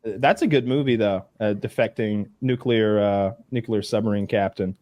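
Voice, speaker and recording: A man's voice: lowish voice, normal speed, darkish tone, no echo. A man co-hosting a podcast, telling a rambling story in casual chat. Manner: rambling storyteller, puts on mocking voices. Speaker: podcast co-host.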